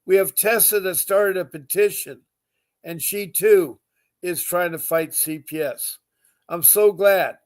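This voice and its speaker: A man hosts a live podcast in a slightly higher voice. He talks earnestly and with feeling, repeats words for emphasis and stops to greet his viewers. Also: measured pace, darkish tone. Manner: emotional, repetitive, earnest. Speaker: podcast host.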